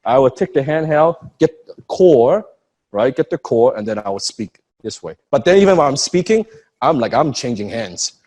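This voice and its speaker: A man coaching on public speaking in casual chat, animated and profane, acting out examples as he talks. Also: medium pitch, moderate pace. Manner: animated, profane, demonstrates with acted asides.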